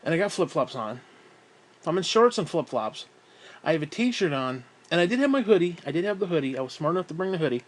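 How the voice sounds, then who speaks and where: A man's voice: fairly high pitch, big pitch swings, fast talker. A young man rambling through a casual, profane vlog monologue, often breaking into laughs and sighs. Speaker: vlogger.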